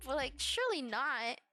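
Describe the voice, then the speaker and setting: A woman streams in a loose, meandering chat, sounding tired and yawny. Her voice sits a bit high and she takes her time, trailing off into giggles between filler-laden thoughts. Soft music plays faintly behind her. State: tired, yawning. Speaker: VTuber streamer. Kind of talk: casual rambling stream chat.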